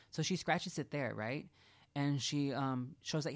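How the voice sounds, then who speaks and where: A woman's voice: very deep voice, brisk. Gossipy woman host, casual chat. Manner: gossipy storytelling, laughs often.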